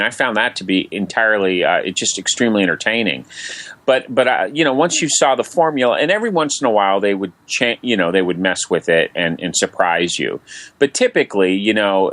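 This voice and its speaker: Man, low voice, dry recording, casual podcast banter, rambling. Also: a bit bright, dry recording. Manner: rambling, self-interrupting, laughs easily. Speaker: podcast co-host. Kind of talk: casual chat.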